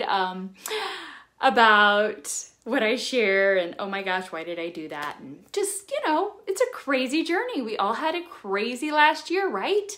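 A woman vlogger talking casually to her viewers, chatty and animated as she shares personal reflections. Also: on the high side. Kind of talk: casual talk to camera.

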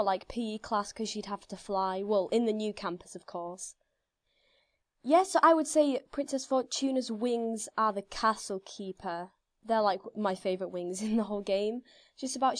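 A young woman commenting on her gameplay in a casual, excitable way, her voice slightly hoarse. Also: fairly high pitch. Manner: excitable, breathless, full of gasps and squeals. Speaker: gaming video creator.

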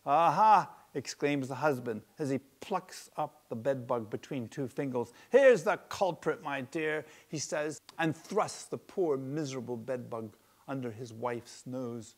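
A man reads aloud from his book of fables, lingering on each word. His voice is gravelly and his pace unhurried, with a middling pitch. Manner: slow, deliberate, relishing the words. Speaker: author reading his book. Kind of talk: storybook narration.

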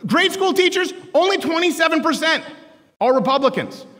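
A man in his thirties giving a joking, sarcastic campus speech to students, shouting his punchlines. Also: very high-pitched, lively intonation, normal speed. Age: 30s. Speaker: political commentator speaking to students. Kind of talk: stand-up style campus speech. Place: large lecture hall with a live audience. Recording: echoey hall, live crowd.

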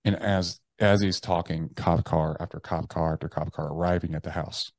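A man's voice: sits low, steady tone, normal speed, dry recording. A man, an army veteran, telling a personal story in an interview, talking casually with lots of swearing and "like". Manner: casual and profane, heavy use of "like" and "bro".

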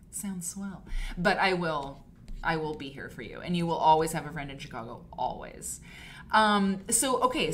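Chatty woman doing a live stream, effusive, lots of ums and restarts, faint hiss behind. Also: on the low side. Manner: rambling with many fillers and restarts. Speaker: host of a live quilting stream. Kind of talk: casual live-stream chat. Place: home studio. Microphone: desk mic for a live stream.

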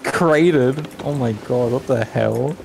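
A man's voice: medium pitch, slow pace, creaky, faint music behind. A man playing a game with a friend, teasing him in profane, laughing banter. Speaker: co-player. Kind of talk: casual gaming banter.

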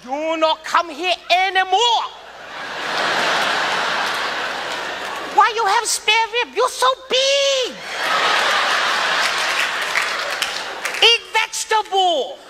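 A man playing an angry male buffet owner who screams slow, clipped broken English with a Chinese accent. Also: very high-pitched, lively intonation, a loud crowd, heavy background noise, voice pushed up. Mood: furious. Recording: live hall with loud audience laughter.

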